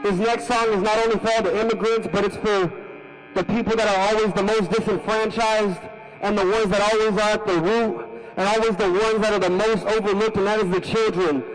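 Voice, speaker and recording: A man's voice: high voice, fairly even intonation, brisk, slight background noise, poor audio. A male musician talking to the crowd from the stage at an outdoor protest rally, earnestly urging them to sing along. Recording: music clearly audible behind.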